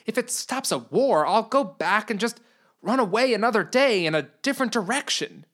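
Earnest young noblewoman in a storybook, voice lifted a little higher, put on by the narrator. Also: animated, normal speed, fairly bright tone, close to an everyday voice. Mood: resolute.

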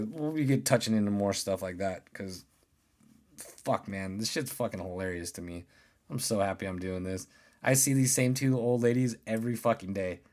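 Deep-voiced man telling loose, profane stories. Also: a little mellow. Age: 30s. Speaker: podcast host. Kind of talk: casual monologue.

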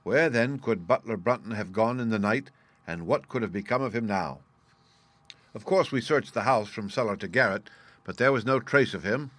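A man narrating a classic story in the first person, reading in a measured, formal way. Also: lowish voice, fairly bright tone, no room sound. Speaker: audiobook narrator.

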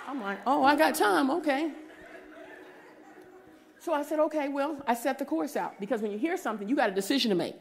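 A woman, giving a preaching testimony and acting out the voices in her story, sometimes rising to a shout. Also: high voice, fairly quick, vocal fry, pauses often. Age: 40s.

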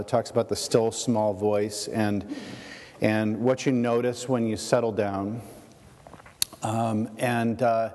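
A man giving a shared sermon as pastor, reflective and halting, with many fillers and restarts. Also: lowish voice, a little mellow, long reverb tail.

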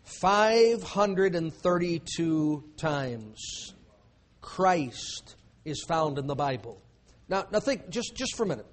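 A high-voiced man with a drawl preaches from the pulpit. He presses his points hard, then falls to a hushed low voice for effect. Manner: emphatic preaching with dramatic pauses and sudden drops to a low voice. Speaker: pastor. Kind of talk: sermon.

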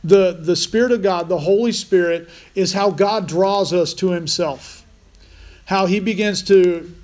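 A man preaching a conversational sermon as pastor, restarting phrases often. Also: high voice.

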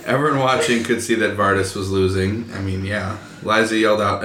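Low-voiced man reading plot summaries. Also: brisk, few pauses. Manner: relaxed, joking, reads plot aloud. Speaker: podcast host. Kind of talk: casual book discussion, reading summaries. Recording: roomy with faint noise.

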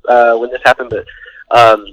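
A man's voice: mid-range voice, level tone, moderate pace, a bit bright, poor audio. A man, a band frontman and producer, chatting casually as a podcast guest, rambling with many fillers. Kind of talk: casual storytelling interview.

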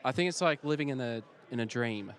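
A man's voice: mid-range voice, lively intonation, a little fast, a bit bright. A man interviewing guests outdoors at a fan convention, talking casually with many fillers and restarts. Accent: non-local accent.

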